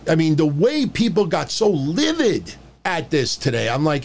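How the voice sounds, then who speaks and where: A man's voice: a little high, sing-song, moderate pace, hardly any pauses, darkish tone. A man hosting a casual podcast, ranting in a blunt, profane and mocking way. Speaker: podcast host. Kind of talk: casual wrestling podcast rant.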